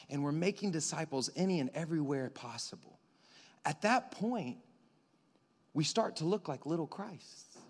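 Young male pastor, sermon, fairly high voice, animated delivery, long church reverb. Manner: animated, swinging from loud excited bursts to quiet intimate delivery. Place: church sanctuary.

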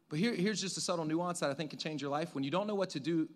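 Animated high-voiced male preacher. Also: quick pace, hardly any pauses. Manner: animated, swings from hushed to shouting, acts out voices. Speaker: pastor. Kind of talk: sermon.

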